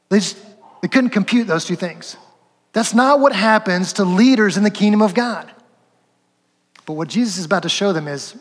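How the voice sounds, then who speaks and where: A man's voice: high-pitched, a bit bright, long reverb tail. A male pastor giving a sermon in a conversational way, acting out quotes and asking rhetorical questions. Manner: conversational, acts out quotes, chuckles, rhetorical asides.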